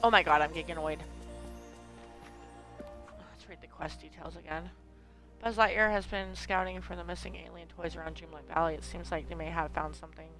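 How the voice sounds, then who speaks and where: A woman's voice: fairly low pitch, steady tone, a little fast, pauses often, a bit bright, faint music behind. A woman streaming a video game at home, chatting casually, swearing when annoyed and talking to her pet. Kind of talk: casual gameplay chat.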